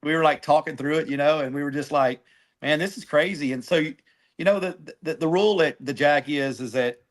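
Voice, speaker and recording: A middle-aged man, a barbecue cook telling a story on a podcast in a casual, animated way, acting out phone calls. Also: fairly high pitch, moderate pace. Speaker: guest, barbecue team cook.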